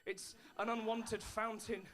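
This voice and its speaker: High-voiced stand-up comic. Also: male voice, little pitch movement, takes it slowly. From England. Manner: dry storytelling with put-on posh voices and sudden shouts. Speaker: stand-up comedian. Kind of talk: stand-up comedy. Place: comedy club stage with an audience.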